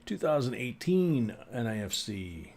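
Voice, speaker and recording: A man's voice: mid-range voice, very animated, a little slow, darkish tone. A man hosting a casual live coin stream, chatting and reading viewer comments aloud.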